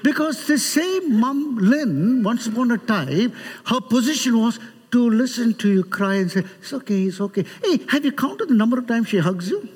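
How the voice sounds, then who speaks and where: A middle-aged man from India, a guest preacher, gives a sermon in a church sanctuary, speaking at normal speed in a very high-pitched voice with a breathy edge. He's animated, jokes with the congregation, and acts out quoted voices, all recorded in a large reverberant hall.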